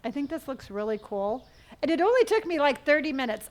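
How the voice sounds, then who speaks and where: A woman's voice: on the high side, expressive, moderate pace. A woman hosting a live gaming stream in casual chat, effusively thanking viewers one by one with a playful, sing-song manner.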